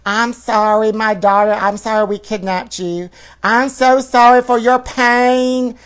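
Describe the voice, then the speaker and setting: A man voicing a whiny, apologetic middle-aged mother who pleads in a raised, louder voice. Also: high voice, fairly even intonation, measured pace, clean tone, voice pushed up. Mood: whining. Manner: whining, pleading.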